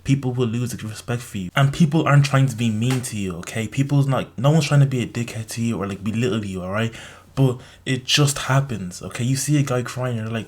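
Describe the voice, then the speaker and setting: A man's voice: mid-range voice, a little fast, darkish tone. A young man giving blunt, profane advice in a casual monologue, lecturing with many fillers. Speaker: vlogger.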